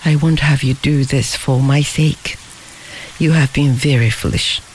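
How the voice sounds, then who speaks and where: A reader voicing a young gentleman on the run who talks in a formal, wordy way. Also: medium pitch, fairly even intonation, measured pace, slight background noise, natural voice, poor audio. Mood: reproachful. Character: young gentleman fugitive, proud and kindly.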